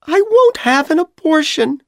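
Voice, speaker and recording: Man doing a frightened young college woman, high raised voice, pleading and tearful, dry close audiobook sound. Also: lively intonation, a little slow, dry recording. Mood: angry. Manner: pleading, tearful, rising to shouts.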